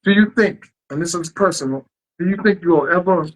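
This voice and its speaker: A man's voice: sits high, brisk, poor audio. A man hosting a casual interview, encouraging his guest with frequent affirmations. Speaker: interview host.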